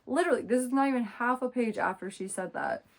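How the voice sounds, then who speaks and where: A woman's voice: on the high side, fast talker. A woman reviewing a book in a casual vlog, exasperated and emphatic, ranting and swearing freely. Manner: expressive, emphatic.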